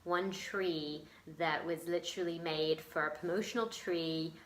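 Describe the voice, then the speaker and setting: A woman's voice: fairly low pitch, fairly even intonation, measured pace, a bit bright, reverberant, slight background noise. An English woman telling a personal story in a chatty, emotional way, with many ums and laughs. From England. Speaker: vlogger. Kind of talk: casual storytelling vlog.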